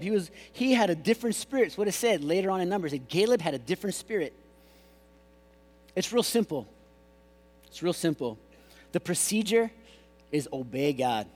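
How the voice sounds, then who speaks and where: A man preaching a sermon as pastor, animated and jokey, mimicking voices. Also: on the high side. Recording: long hall reverb.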